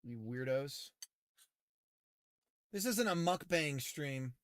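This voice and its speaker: A man's voice: medium pitch, animated, takes it slowly, clean tone. A man chatting casually and playfully to his live-stream audience, rambling as he goes. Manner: rambling and playful, talking to chat while eating.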